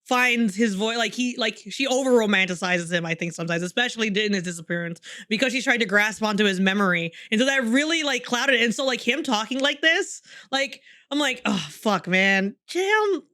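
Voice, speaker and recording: A woman with a high, bright voice co-hosts a casual book podcast. She rambles through tangents, laughs often, and swears easily. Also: a little fast, few pauses. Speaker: podcast co-host.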